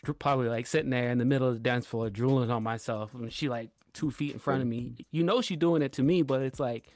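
A man co-hosting a casual podcast, telling animated stories full of "bro" and "like" and cursing freely. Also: mid-range voice, fast. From US West Coast. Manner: animated storyteller, swears, lots of "like" and "bro". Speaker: podcast co-host. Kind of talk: casual chat.

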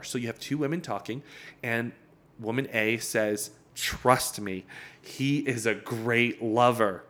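A man's voice: mid-range voice, a bit bright. A man hosting a podcast, explaining a topic in a loose conversational way and repeating his key points. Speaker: podcast host. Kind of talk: casual teaching monologue.

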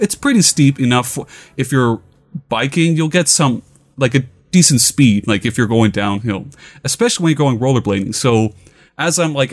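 A young man casually telling a funny personal story, laughing often and acting out his own yelling. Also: medium pitch.

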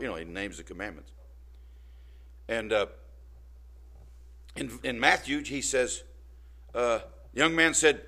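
A man's voice: mid-range voice, slow, pauses often, sharp tone. A man preaching an informal sermon, talking conversationally and often checking in with his listeners.

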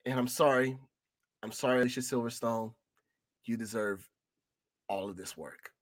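A man's voice: medium pitch, moderate pace, no echo, clean studio sound. A man co-hosting a casual film review podcast, ranting in a profane, exasperated way. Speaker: podcast co-host.

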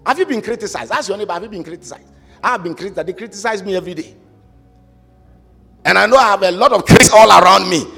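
Husky high-voiced man preaching with shouts. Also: animated, quick pace, long pauses. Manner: emphatic, rises to shouts and sing-song, calls on congregation to repeat. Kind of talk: sermon. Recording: reverberant hall with faint music.

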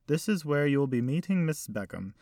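A man voicing an old butler who speaks in a stiff, ceremonious and slow manner. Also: a little high, big pitch swings, darkish tone, no room sound, studio quality, voice pushed up. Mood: formal.

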